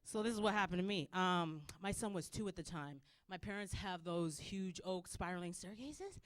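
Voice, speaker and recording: A woman from Canada in her thirties doing a stand-up set, acting out her kids and herself in loud, high voices. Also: moderate pace, dry recording, studio quality. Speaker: stand-up comedian. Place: comedy club stage.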